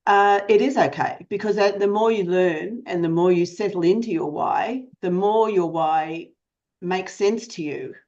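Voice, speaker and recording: A woman's voice: medium pitch, a little slow, darkish tone. A woman giving interview advice as a guest coach, in a direct, encouraging way with rhetorical questions. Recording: dull lo-fi sound.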